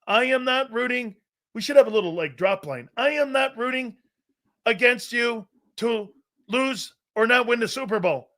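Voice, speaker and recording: A middle-aged man hosting a live sports talk show, reading chat messages aloud, laughing often and arguing back loudly. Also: extremely high pitch, moderate pace. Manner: loud, excitable, laughs often, argues with chat.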